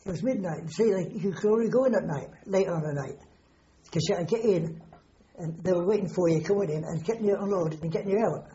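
An older man tells wartime stories in a rambling, plain-spoken way, peppered with swearing. His voice is mellow and dark. The recording is dull and lo-fi. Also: high voice, quick pace, slight background noise. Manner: rambling, salty storyteller with frequent swearing. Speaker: war veteran interviewee. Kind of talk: oral history recollection.

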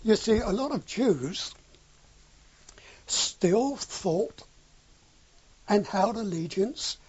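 A man's voice: high-pitched, expressive, extremely slow, a little mellow, husky. An older man telling a wartime anecdote in an oral history interview, acting out the dialogue with a chuckle now and then. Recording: dull lo-fi recording.

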